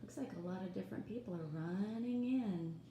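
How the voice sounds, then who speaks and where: A woman's voice: medium pitch, a little fast, echoey room, muffled recording, a little hiss or hum. A woman reading a picture book aloud to children, pointing out the pictures and asking her listeners questions. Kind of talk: read-aloud storytime.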